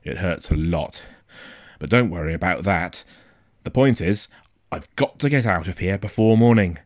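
A man voicing an injured father who stays calm and reassuring, with an urgent edge. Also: sits low, moderate pace, no echo, studio quality. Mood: urgent, pained. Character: injured, gentle, steady father.

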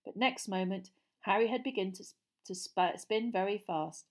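A woman narrating a storybook audiobook in a steady, clear reading voice. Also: mid-range voice, normal speed.

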